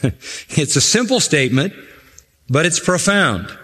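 A man preaching an expository sermon, emphatic and repeating phrases for stress, slowing and speeding as he drives points home. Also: a little high, sing-song, a bit bright. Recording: hall reverb.

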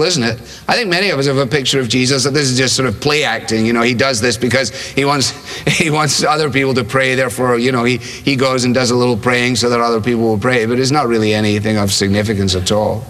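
Conversational male preacher, mid-pitched, long reverb from a large hall. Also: a bit bright, slight background noise. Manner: conversational, asks rhetorical questions. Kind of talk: sermon.

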